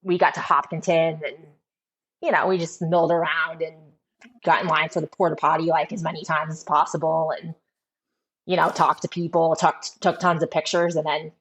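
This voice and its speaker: Woman, chatty storyteller, lowish voice, dull lo-fi sound. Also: little pitch movement, moderate pace, a bit bright. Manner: chatty storytelling with many fillers. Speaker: guest runner. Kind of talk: casual chat.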